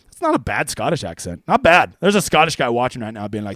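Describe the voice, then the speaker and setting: Speaking quickly and getting worked up, this male fantasy golf streamer cracks jokes and curses freely in loose livestream commentary. His pitch is on the high side, and the audio sounds close-miked and dry, without any echo.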